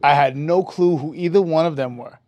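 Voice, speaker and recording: A man, a metal musician guest telling an animated, profane story in a casual interview, raising his voice when quoting people. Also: on the high side, fairly quick, no echo, lo-fi sound. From New York. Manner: animated, profane, acts out quotes with a rising voice.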